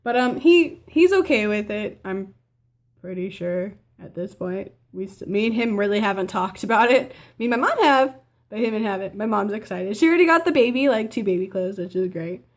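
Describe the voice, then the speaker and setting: A woman's voice: mid-range voice, lively intonation, moderate pace. A teenage girl telling a personal story to camera in a rambling, casual way, full of fillers and restarts. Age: teens. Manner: chatty, rambling with fillers and self-corrections; acts out family members' lines in quotes. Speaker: vlogger.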